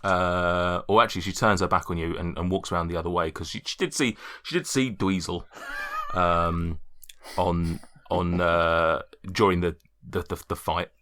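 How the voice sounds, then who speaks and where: A man running a tabletop game, narrating in a fairly low voice with a bright, forceful edge. He rambles, repeats words and leans on fillers as he describes the scene. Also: moderate pace. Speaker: game master.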